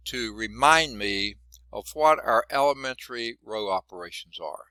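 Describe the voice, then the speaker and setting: A man's voice: medium pitch, expressive, moderate pace, pushed and bright, no echo. A man teaching a math class in a folksy, chatty way, quizzing students and noting he is losing his voice. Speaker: math instructor. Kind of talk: classroom lecture.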